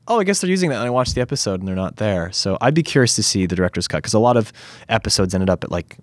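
Speaking fast in a fairly low voice, a man being casually interviewed as an actor tells lively stories full of filler words and free swearing. The recording is dry.

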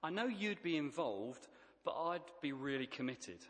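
A man voicing a reluctant male pig in a joke, answering in hesitant, drawn-out replies. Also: a little high, sing-song, fairly bright tone, big-room sound, a little hiss or hum.

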